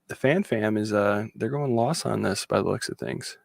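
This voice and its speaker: A man's voice: fairly low pitch, moderate pace, creaky, no room sound, clean studio sound. A man co-hosting a casual sports panel podcast, giving blunt opinions and reading out viewer comments. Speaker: podcast co-host.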